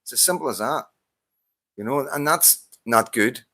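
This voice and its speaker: A man's voice: medium pitch, moderate pace, sharp tone, no echo. Heated Northern Irish man, dry close sound. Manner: agitated, swears often, stammering restarts. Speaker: vlogger answering a viewer's comment. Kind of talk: heated casual monologue.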